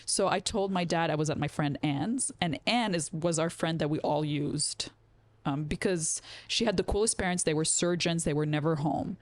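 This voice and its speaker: A woman from Lebanon, a comedian telling a story in casual podcast chat, animated and swearing freely. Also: low voice, moderate pace, no echo. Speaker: comedian guest.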